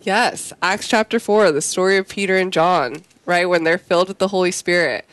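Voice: mid-range voice, moderate pace, a bit bright, no echo. A co-host on a Christian talk show who talks eagerly, agrees often and speeds up when retelling stories.

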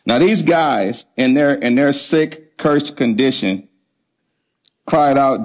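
Here a pastor with a medium-pitched voice preaches slowly. Repetition of words and questions aimed at the congregation give his sermon an emphatic, call-and-response feel.

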